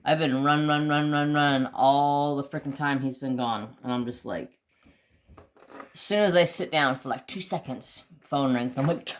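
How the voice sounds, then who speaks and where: A man's voice: medium pitch, normal speed. A man hosting a casual craft vlog, rambling about his day and cooing baby talk at his pets. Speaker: craft channel host.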